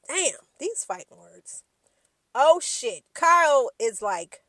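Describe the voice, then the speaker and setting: A woman's voice: sits high, very animated, slow, a bit bright, dry recording. A woman giving a casual, slangy recap of reality TV gossip, acting out the quotes in shifting voices.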